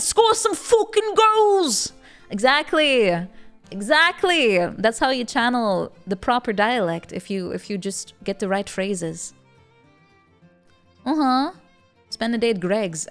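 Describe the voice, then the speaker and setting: A woman chats casually with her stream viewers, her voice sitting at an ordinary middle pitch. She giggles often between her remarks. Faint game music plays quietly behind her. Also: clear, resonant tone. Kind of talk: casual chat with live viewers.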